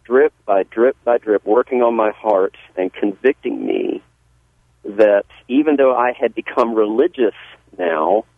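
Through a thin, phone-like line, a man with a lowish voice and measured pace gives his testimony in a radio interview. He's a Southern-accented pastor from Georgia, earnest and folksy, stopping and restarting as he goes, and the sound is close and dry with no echo.

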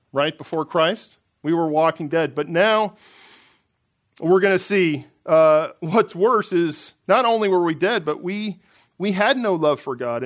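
A man preaching a sermon in an earnest, emphatic way, reading out scripture passages. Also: high-pitched.

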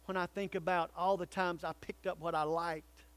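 A male pastor preaching a sermon, swinging between loud calls and hushed, earnest pleading. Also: high voice, flat delivery, normal speed.

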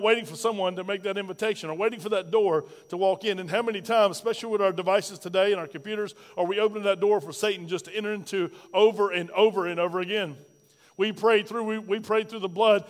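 Guy pastor preaching, high-ish voice, lots of questions to the crowd, echoey church. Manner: preaching with rhetorical questions and a personal story. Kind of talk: sermon.

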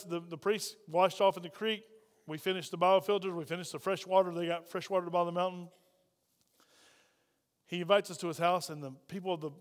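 Male pastor, middle-aged, high-pitched, dynamic sermon delivery that rises and drops, long reverb. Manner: storytelling preacher, swings between loud and hushed. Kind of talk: sermon with story. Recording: hall reverb.

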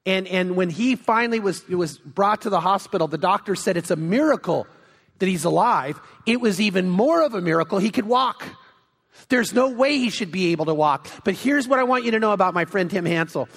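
Male pastor, high voice, animated storyteller, sanctuary reverb. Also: brisk, husky. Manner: animated storytelling, acts out quotes. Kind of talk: sermon. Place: church sanctuary. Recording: long hall reverb.

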